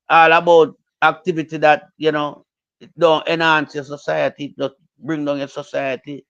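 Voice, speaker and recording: A man's voice: a little high, a bit bright, highs cut off. A man with a Jamaican accent giving a heated, repetitive political rant in casual talk, mixing Patois with English. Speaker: political commentator.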